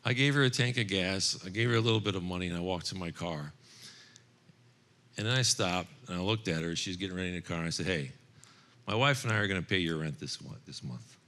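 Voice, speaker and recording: Deep-voiced man telling a testimony. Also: fast, sharp tone. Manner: earnest, storytelling, quoting others in his own voice, occasional laughs. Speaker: speaker at a men's Bible study. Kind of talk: storytelling testimony to a men's group.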